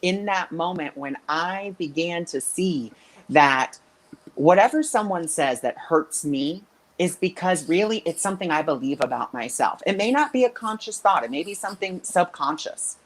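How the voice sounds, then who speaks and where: Animated woman telling stories, lower voice. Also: normal speed, rough recording. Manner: animated, acts out quoted voices. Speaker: spiritual intuitive coach. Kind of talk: casual interview storytelling.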